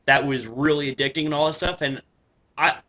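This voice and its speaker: A man with a bright, forceful voice chats casually as a vlogger. He gets excitable, swears freely and keeps restarting his sentences with fillers. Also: on the high side, a little fast. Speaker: wrestling vlogger. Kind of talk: casual reaction commentary.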